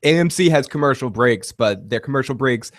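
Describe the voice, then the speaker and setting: A man's voice: mid-range voice, lively intonation, a little fast, no echo, clean studio sound. A man hosting a casual TV review chat, giving blunt, profane opinions. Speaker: podcast host.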